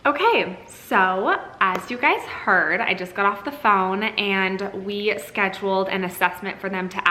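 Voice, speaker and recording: Young mom vlogger talking to camera. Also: female voice, mid-range voice, bright, forceful tone, slight background noise, low-quality recording. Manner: open and emotional, sweet singsong when talking to her kids. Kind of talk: casual vlog chat to camera.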